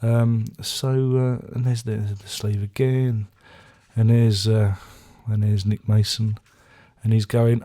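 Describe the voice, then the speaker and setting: A man's voice: on the low side, flat delivery, a little slow, warm tone. A man casually reviewing his record collection, rambling with dry self-mocking jokes. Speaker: album reviewer. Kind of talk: casual chat.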